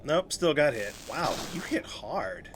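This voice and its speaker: A man's voice: a little high, very animated, slow pace, noisy background. A man in his thirties giving casual let's-play commentary, talking to himself and to enemies and laughing often. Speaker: gameplay streamer.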